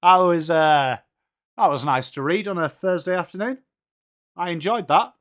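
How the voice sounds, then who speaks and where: English male streamer, friendly chatter, calls everyone mate, slightly higher pitch. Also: normal speed, a bit bright. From England. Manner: chatty, greets viewers by name, says mate a lot. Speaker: livestream host. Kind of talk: casual live watchalong chat.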